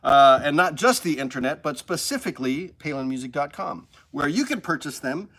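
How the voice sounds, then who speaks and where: A man's voice: a little high, expressive, brisk, fairly bright tone. A man from the hosting a casual live stream from a music store studio, upbeat and rambling.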